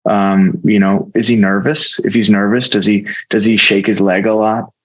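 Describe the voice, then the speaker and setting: A man's voice: lowish voice, level tone, normal speed, poor audio. A man with an American accent, an actor speaking as a guest in an interview, earnest and reflective, often restarting his sentences. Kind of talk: casual interview talk.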